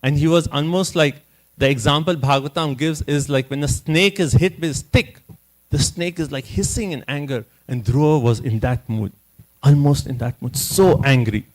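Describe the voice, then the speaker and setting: A man giving a scripture class at a temple, telling the story in an animated way and often checking in with "you know" and "right?". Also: a little high, moderate pace, low-quality recording.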